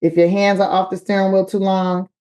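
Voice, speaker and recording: A woman telling a story with animated, slangy energy as a comedian guest. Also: medium pitch, fairly quick.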